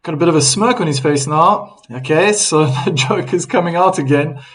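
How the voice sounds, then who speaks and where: A man's voice: fairly high pitch, moderate pace, fairly bright tone, poor audio. Chatty man doing live tennis commentary. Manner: chatty, reads viewer comments aloud, laughs easily. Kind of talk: casual live play-by-play commentary.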